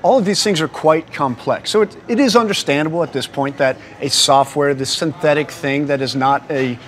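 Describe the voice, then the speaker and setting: Male host, higher pitch, thoughtful explainer. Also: moderate pace, a bit bright. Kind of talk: studio discussion.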